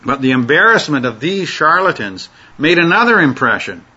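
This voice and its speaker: A man's voice: a little high, sing-song, normal speed, sharp tone, slightly rough. A man teaching an informal Bible study lecture, talking conversationally with frequent fillers and restarts. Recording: dull lo-fi recording.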